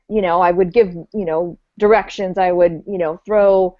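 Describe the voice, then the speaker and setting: A woman's voice: fairly low pitch, steady tone, normal speed, dry recording. A woman, an elementary teacher hosting a casual video call discussion, talking in an earnest, rambling way with fillers and restarts. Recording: dull dry video call audio.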